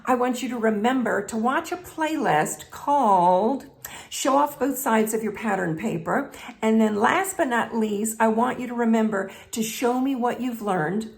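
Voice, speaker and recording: A woman's voice: on the high side, measured pace, gravelly, a little mellow. Chatty Southern woman teaching a craft. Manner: folksy, talks straight to viewers. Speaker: craft video host.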